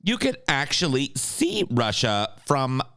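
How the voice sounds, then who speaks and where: A man's voice: medium pitch, huge pitch swings, slow pace, a bit bright, dry recording. A man hosting a livestream, chatting casually and reading viewer comments in a crude, profane, sarcastic way. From United States. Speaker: livestream host.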